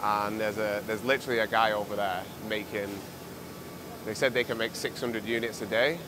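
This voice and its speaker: A young man talking to a handheld camera in a casual travel vlog, excited and chatty, peppered with "like". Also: on the low side, noisy background. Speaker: vlogger and online seller. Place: on a street and in a factory.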